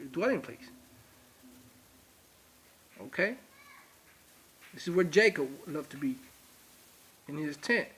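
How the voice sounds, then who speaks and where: A man teaches in a slow, deliberate way, turning to his viewers again and again. His voice sits a little high. He repeats key words for emphasis. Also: a bit bright, husky. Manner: emphatic, repetitive, addresses viewers directly. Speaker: religious teacher. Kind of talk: informal video lecture.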